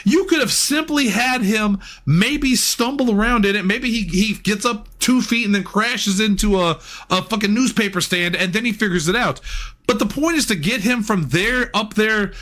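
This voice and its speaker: A man co-hosting a movie review podcast, ranting in an excitable, animated way with lots of swearing. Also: high voice, moderate pace. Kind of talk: casual movie review chat.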